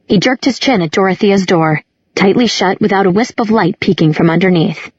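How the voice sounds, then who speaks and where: A woman narrating a novel at a measured, descriptive pace. Her voice is husky and slightly breathy. The recording is dry and a little dull. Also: mid-range voice, no room sound. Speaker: audiobook narrator. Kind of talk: scripted narration.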